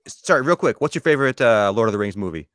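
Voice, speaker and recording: A man from Minnesota with a faint Upper Midwest accent co-hosts a casual chat. His voice is bright and swings widely in pitch, and he talks in a playful, teasing way. The sound is dry. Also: animated, racing, no room sound. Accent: slight Upper Midwest. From Minnesota, USA.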